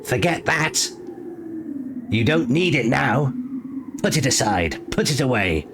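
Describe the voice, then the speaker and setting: A man voicing a cryptic, teasing talking crow with a high, thin voice, as in a storybook audiobook. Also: expressive, takes it slowly. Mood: frantic. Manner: riddling, chiding. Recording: noisy ambient background.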